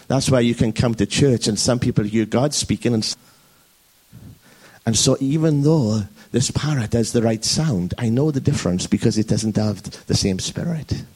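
A man preaching a sermon at a church service, lively and jokey, often asking his listeners "okay?". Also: mid-range voice, husky. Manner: lively, jokey, frequent "okay?" check-ins.

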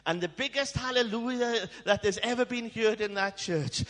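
A man preaching a storytelling sermon in a church, dramatic and swinging from hushed tones to shouting. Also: very high-pitched, moderate pace. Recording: long hall reverb.

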